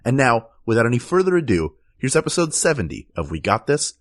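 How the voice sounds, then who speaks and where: A man co-hosting a comedy podcast, playful and quick with mock-serious jokes. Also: mid-range voice, sing-song. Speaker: podcast co-host.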